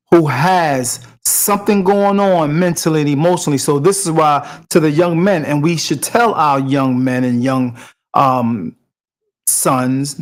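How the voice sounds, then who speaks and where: Slow, preachy male podcast host. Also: a little high. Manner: preachy, repetitive, emphatic. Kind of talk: commentary on a video clip.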